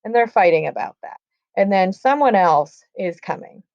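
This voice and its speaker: A woman's voice: medium pitch, animated, normal speed, vocal fry, no echo. A woman teaching a class, reading lines from a play aloud and retelling them in casual, chatty terms. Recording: dull, dry lo-fi recording.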